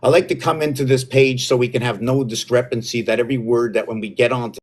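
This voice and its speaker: A man talking alone on a live stream in a mid-range voice. He rambles from one idea to the next, gets excited, and drifts off his own point. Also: medium pitch, fast talker, hardly any pauses. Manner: meandering, excitable, loses his own thread. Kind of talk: rambling solo livestream talk.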